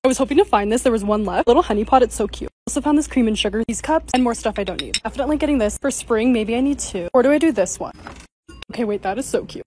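A woman's voice: a little high, fast, darkish tone, slight background noise. A young woman narrating her lifestyle vlog in a casual, bubbly, gushing way. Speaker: lifestyle vlogger.

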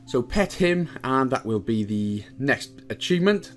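Lively, joking man narrating a game guide. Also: measured pace, soft background music. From Wales. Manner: chatty, jokey asides, lively pitch swings. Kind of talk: casual walkthrough commentary.

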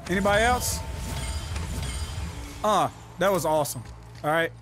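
High-voiced, shouting gaming streamer man. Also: expressive, unhurried, music in the background. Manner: loud, profane, yells during fights. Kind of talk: live gameplay commentary.

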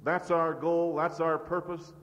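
A middle-aged man from the United States addresses a convention from the podium, his voice pitched a little high. He drives his points home with forceful repetition. The old cassette tape carries the long echo of a large hall. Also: level tone, measured pace, lo-fi sound. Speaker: farm organization leader. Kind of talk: convention speech.

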